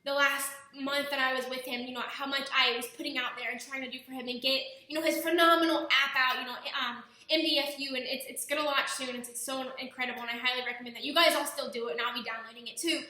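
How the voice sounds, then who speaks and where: Young woman vlogger, earnest and chatty, high bright voice, very echoey room. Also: steady tone, fast talker, hardly any pauses. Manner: earnest, talkative, many restarts. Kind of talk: casual personal vlog. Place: indoors at home.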